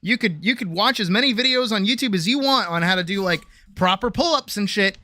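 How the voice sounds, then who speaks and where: Speaking fairly quickly and with animation, a streamer with a bright, forceful, medium-pitched voice chats casually with viewers from a home setup. The talk rambles and swears, with frequent laughter and sentences abandoned halfway, and there's no room sound.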